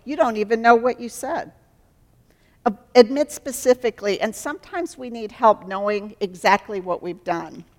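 A woman's voice: on the high side, normal speed, big-room sound. A woman giving an earnest sermon as a Christian counselor, acting out dialogues to teach.

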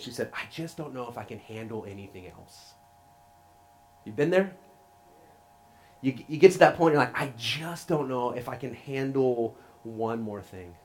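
A man in his thirties or forties giving a conversational, earnest sermon as a pastor. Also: mid-range voice. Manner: conversational, earnest, with frequent restarts.

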